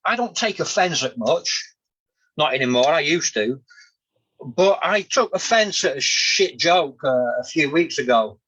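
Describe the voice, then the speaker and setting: A man's voice: a little high, animated, a little slow, a bit bright, husky, highs cut off. A man hosting a podcast, talking reflectively and hesitantly about his own feelings. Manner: reflective, hesitant, many restarts. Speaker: podcast host. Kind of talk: candid casual chat.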